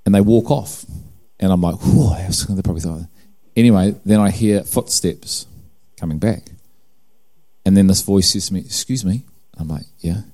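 The preacher, a middle-aged New Zealander, recounts his personal testimony at normal speed in a low, warm, mellow voice. Self-deprecating humor runs through the story, and he performs every exchange of dialogue.

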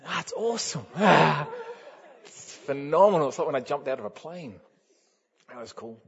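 A man preaching a sermon, telling a story with lively energy and laughter, building up to loud exclamations. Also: a little high, moderate pace, creaky, breathy edge. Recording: dull lo-fi sound.

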